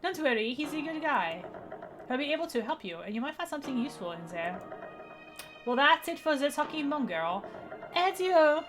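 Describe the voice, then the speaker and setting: A woman putting on a flippant young male bird from a video game with an exaggerated mock French accent. He breezes through his lines in a jaunty way, in a slightly high voice over clear game music. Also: big pitch swings, moderate pace.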